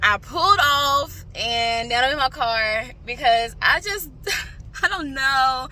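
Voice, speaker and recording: Sitting in a parked car, a young woman who does beauty vlogs talks directly to her audience in a loose, chatty style packed with fillers. She speaks at a normal speed in a high-pitched voice that sounds bright and pushed.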